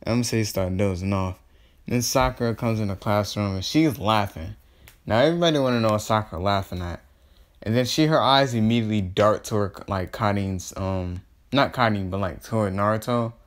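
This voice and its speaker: A man's voice: lowish voice, brisk. Slangy man rambling through a fan story. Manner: rambling, slangy, full of fillers and self-corrections. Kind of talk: improvised fan-fiction storytelling.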